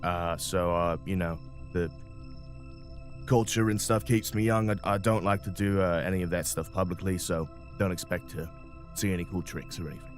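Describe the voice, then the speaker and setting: A man's voice: low voice, fairly even intonation, normal speed, soft background music, close to an everyday voice. A man voicing a blunt, self-assured male crewman who acts like the coolest guy around, in a tabletop game. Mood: cocky. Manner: blunt, dismissive, a bit showy. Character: aloof cool-guy male crewman, sixty but youthful.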